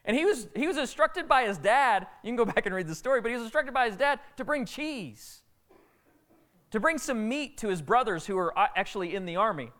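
A male pastor delivering a sermon with a high, bright-pitched voice that rises and falls dramatically. He tells stories with energy and slips into characters' lines as he goes. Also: fairly quick. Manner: animated storytelling preacher, acting out characters' lines.

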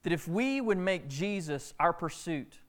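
A man preaching a sermon, retelling a Bible story with lively, acted-out dialogue. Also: high voice, unhurried. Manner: animated storytelling preacher, acting out characters' lines. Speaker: pastor.

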